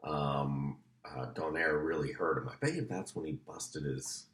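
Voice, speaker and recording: A man's voice: rumbling low, measured pace, a bit bright, roomy sound. A man co-hosting a podcast, breaking down a fight in casual, eager chat. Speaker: podcast co-host.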